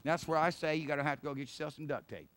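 A man's voice: a little high, fairly even intonation, racing, fairly bright tone. Man preaching in an emphatic, chatty way. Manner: emphatic, conversational preaching with laughs and asides. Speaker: pastor. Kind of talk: sermon.

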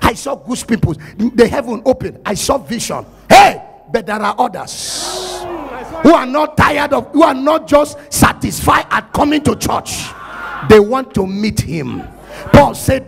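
A man with a Nigerian accent preaching a sermon, often breaking into loud shouts as he acts out Bible scenes. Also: extremely high pitch, animated, measured pace, vocal fry, faint music behind. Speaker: pastor.

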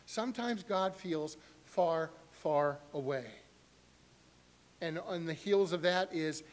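A middle-aged male pastor preaching a sermon in an animated way, acting out voices with sharp rises in pitch. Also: takes it slowly.

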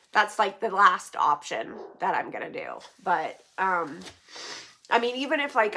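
A woman's voice: mid-range voice, bright, forceful tone. A woman vlogging as she opens donations, chatty with many fillers and near tears with gratitude. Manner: emotional, near tears, laughing through it. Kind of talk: casual vlog chat.

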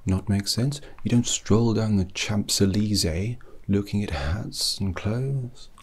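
A man doing an eccentric British milliner in whispered role-play, fussing and punning in a low, gravelly hush. His breathy, husky voice drifts slowly with a pompous air. He rambles on in a British accent. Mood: fussy. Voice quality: soft, breathy half-whisper. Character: eccentric rambling male British hat maker.

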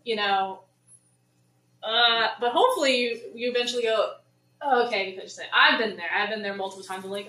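Leading a church group's casual Bible study, this woman speaks a little fast in a slightly high voice, chatting away and acting out the story's characters with lively paraphrased voices. It's informal teaching to a congregation, captured from a distant mic in a roomy church hall.

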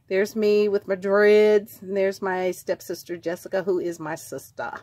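A middle-aged woman in casual show-and-tell chat, rambling warmly and drifting into tangents. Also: mid-range voice, no echo. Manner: chatty, rambling, trails off into tangents. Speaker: vlogger selling vintage craft supplies.

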